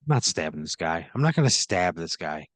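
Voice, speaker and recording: A man taking part as a player in an improvised story game, thinking out loud and swearing in disbelief. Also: sits low, sing-song, normal speed, no room sound. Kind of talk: casual improvised role-play.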